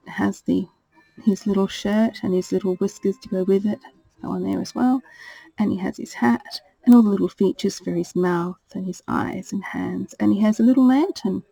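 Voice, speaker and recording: A woman presenting her craft purchases in a casual show-and-tell, talking in a gentle, gushing way. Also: mid-range voice, moderate pace, vocal fry, no room sound, soft background music, rough recording. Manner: gentle and gushing, fond of "little".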